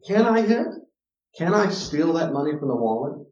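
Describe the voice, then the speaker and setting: A man, a counselor, giving an informal teaching talk with personal stories. He is animated and restarts often, dropping to quiet asides and rising to loud emphasis. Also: a little high, normal speed. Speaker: counselor teaching a parenting class. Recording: echoey room, distant mic, dull sound.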